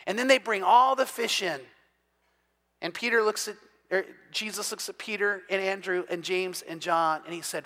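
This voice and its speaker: A man preaching an evening sermon as pastor, retelling scripture in a lively storytelling way and growing loud and emphatic at key points. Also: high voice, moderate pace. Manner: builds from quiet to loud, emphatic.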